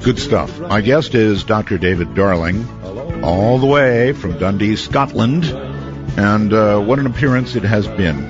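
A man hosting a late-night call-in radio show, chuckling easily and asking drawn-out questions. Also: lowish voice, animated. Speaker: radio talk show host. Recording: muffled radio broadcast with faint music.

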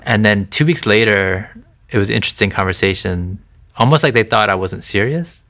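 Sharing his faith testimony during an interview, a man from a Thai family background speaks fairly quickly in a lowish, somewhat bright voice. He talks in an earnest, conversational way, with many restarts and "you know."

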